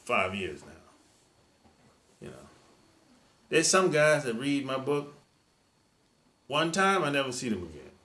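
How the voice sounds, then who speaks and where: Bright-voiced man giving emphatic advice. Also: mid-range voice, sing-song, a little slow, pauses often. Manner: emphatic, repetitive, preachy; colloquial, drops verb endings. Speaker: dating coach. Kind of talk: monologue dating advice.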